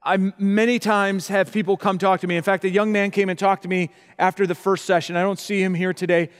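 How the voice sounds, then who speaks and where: A middle-aged male pastor delivers a sermon in a high, brisk, clean voice with little pitch movement. He keeps repeating his points and checking in with listeners by asking "okay?" The recording carries a long hall reverb.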